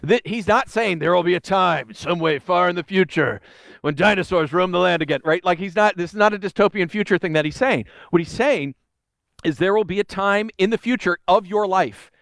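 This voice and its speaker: A preacher with a high, creaky male voice talks a little fast, with no echo. His sermon is conversational and animated, telling stories and giving voices to the people he quotes.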